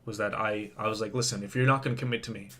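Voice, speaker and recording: A man's voice: lowish voice, fairly even intonation, very fast, sharp tone. Man vlogger, worked up and rambling, defensive monologue. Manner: agitated, rambling, self-justifying. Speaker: vlogger in a reacted-to clip. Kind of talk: venting monologue to camera.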